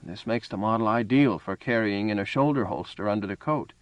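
A man reading aloud, voicing an old male gun shopkeeper who speaks in a precise, calm and measured way. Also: lowish voice, no echo, close to an everyday voice, poor audio.

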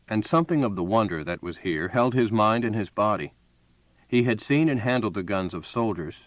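A man with a fairly low voice narrates a story in a steady, even way. The sound is dull and lo-fi. It is dry, with no room echo. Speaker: audiobook narrator. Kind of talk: scripted narration.

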